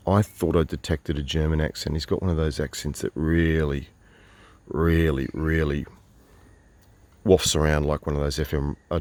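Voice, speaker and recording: Very deep-voiced wry Australian man. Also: a little mellow, no room sound. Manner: meandering, wry, full of asides and restarts. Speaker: travelling storyteller. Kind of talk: casual spoken monologue.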